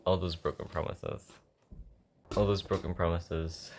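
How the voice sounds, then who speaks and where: Young guy, low voice, sore throat, rambling and joking at himself while he writes a song at home. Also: fairly even intonation, unhurried, slight background noise. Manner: rambling, self-mocking, thinking aloud. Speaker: songwriter. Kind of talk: casual chat while writing a song.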